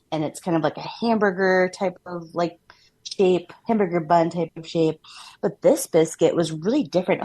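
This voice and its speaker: A woman from Minnesota, USA, co-hosts a podcast in a darkish, lowish voice marked by a Minnesotan accent. Upbeat and conversational, she laughs often and uses many "like" fillers.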